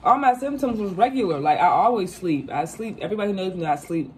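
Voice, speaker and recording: A woman in her twenties telling a casual storytime, animated and profane, acting out quotes. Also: medium pitch, fast. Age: 20s. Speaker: vlogger.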